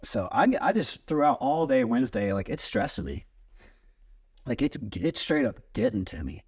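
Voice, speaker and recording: A man as a podcast guest, telling a long story in a lively, rambling way and swearing freely. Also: medium pitch, normal speed, husky. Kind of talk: casual storytelling chat.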